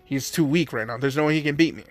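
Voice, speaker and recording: A man's voice: medium pitch, fast, no echo, faint music behind, close to an everyday voice. A man voicing an arrogant adult male villain who talks himself into winning. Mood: smug. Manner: rambling, self-convincing.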